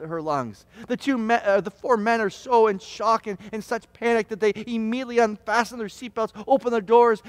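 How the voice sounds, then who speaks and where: High-voiced pastor in a reverberant hall. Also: male voice, brisk, few pauses. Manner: stammering restarts, dramatic storytelling with shouted quotes. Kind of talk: sermon. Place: church hall.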